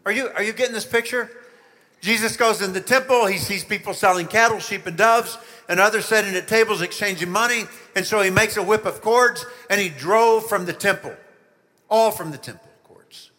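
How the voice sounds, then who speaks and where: Bright, high-voiced pastor in a reverberant church. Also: male voice, moderate pace. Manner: animated storytelling, asks listeners questions. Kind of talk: children's sermon.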